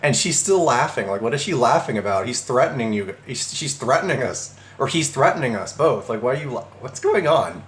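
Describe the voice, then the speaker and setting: A man's voice: mid-range voice, lively intonation, a little fast, few pauses, fairly bright tone, echoey room. A man telling a personal story in a casual monologue, rambling with frequent restarts and stammers.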